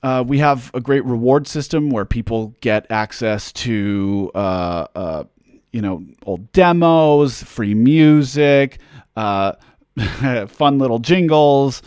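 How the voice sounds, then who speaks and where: A man's voice: mid-range voice, animated, slow, a little mellow, smooth, no echo, studio quality. Rambling man chatting on a livestream. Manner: rambling, filler-heavy, self-deprecating humor. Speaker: musician answering fan questions. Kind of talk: casual livestream chat.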